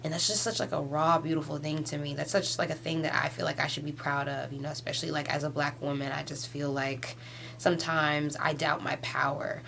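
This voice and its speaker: A young woman in her twenties crying softly through a rambling confessional vlog at home, filling every pause with "like" and breaking into teary laughs. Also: deep voice, flat delivery, gravelly, a little hiss or hum. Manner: rambling, heavy use of "like", tearful laughs. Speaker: vlogger. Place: at home doing a face mask.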